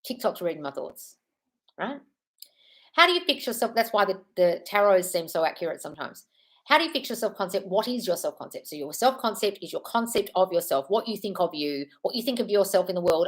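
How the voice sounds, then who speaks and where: A woman's voice: medium pitch, expressive, a little fast. A woman in her thirties hosting a casual live stream from home, answering viewer comments in a chatty, reassuring way, calling people darling and swearing now and then. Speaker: manifestation coach hosting a live Q&A.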